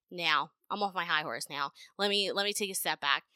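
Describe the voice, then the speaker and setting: Bright, crisp-voiced woman podcaster. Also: fairly low pitch, dry recording. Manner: blunt, profane and animated, with frequent laughter. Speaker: podcast host. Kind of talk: casual solo podcast monologue. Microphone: home podcast microphone.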